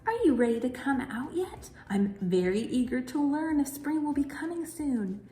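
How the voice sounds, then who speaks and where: A woman doing a breathy eager frog. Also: sits high, big pitch swings, moderate pace, mellow, pitched above the performer's own voice. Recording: roomy echo.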